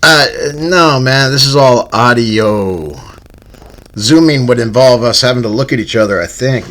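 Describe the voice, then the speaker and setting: A man's voice: mid-range voice, a little slow, a bit bright. A man hosting a comedy podcast, hesitant and stammering, cracking jokes as he talks. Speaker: podcast host.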